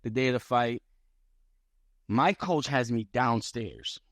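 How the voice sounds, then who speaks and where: A man on a podcast as a guest fighter, telling a story in casual chat, animated and profane, acting out what others said. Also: mid-range voice, slow pace, dry recording, clean studio sound. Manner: animated, profane, acts out quotes.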